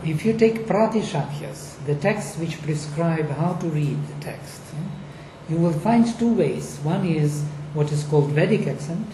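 An emphatic speaker lectures on a panel, throwing in rhetorical questions to drive each point home. The voice is dark and mellow. It rings in an echoey room over a faint hiss. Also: medium pitch. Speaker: lecturer on Vedic recitation. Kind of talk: panel discussion explaining.

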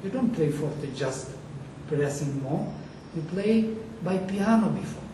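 Slow, mellow-voiced male lecturer. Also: a little high, animated, slight background noise. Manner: explanatory, asks the class questions; chants Sanskrit words slowly. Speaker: teacher. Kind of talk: lecture on Sanskrit accent. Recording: echoey room, distant mic.

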